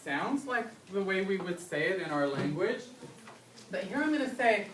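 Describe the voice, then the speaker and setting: A woman's voice: medium pitch, lively intonation, normal speed. A woman reading teacher presenting to parents and patiently acting out child and parent prompts. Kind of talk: live presentation to an audience. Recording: echoey room, speaker far from mic, audible background noise.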